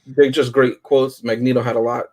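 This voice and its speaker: A man's voice: medium pitch, flat delivery, normal speed, a little mellow, poor audio. A man on a movie review panel, talking enthusiastically in casual podcast chat, often checking in with "right?". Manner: enthusiastic, often asks "right?" and "you know what I mean?".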